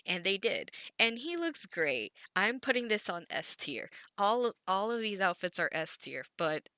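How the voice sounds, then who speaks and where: A woman's voice: medium pitch, very animated, a little slow, pushed and bright, dry recording. Giggly rambling woman with a stutter. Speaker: anime commentary creator. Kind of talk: casual recap commentary.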